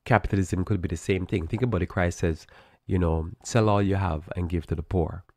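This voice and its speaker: A man hosting a live church talk program, reading from an article and commenting in a halting way with many fillers and restarts. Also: sits low, fairly even intonation, darkish tone, dry recording, studio quality. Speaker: church talk show host.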